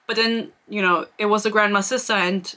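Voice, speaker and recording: A woman's voice: mid-range voice, fairly even intonation, fairly quick, sharp tone. A young woman giving a rambling, sarcastic book review in a casual vlog, swearing freely.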